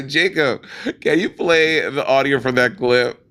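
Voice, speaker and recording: A man's voice: mid-range voice, drawn-out words, bright, forceful tone. A man from Saint Lucia co-hosting a podcast, chatting casually with lots of fillers. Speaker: podcast co-host. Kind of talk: casual chat.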